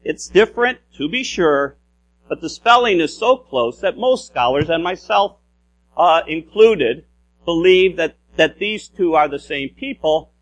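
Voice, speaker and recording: Man, preacher, sermon, slightly high voice, explanatory, frequent restarts. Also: lively intonation, a little slow, fairly bright tone. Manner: explanatory, repeats "if you will", frequent restarts.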